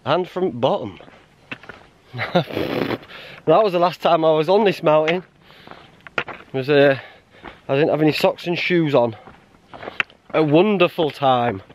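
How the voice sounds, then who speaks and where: A man chatting casually while hiking a mountain trail, blunt and quick to laugh. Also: on the high side, slight background noise. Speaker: hiker vlogger. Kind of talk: casual outdoor vlog chat.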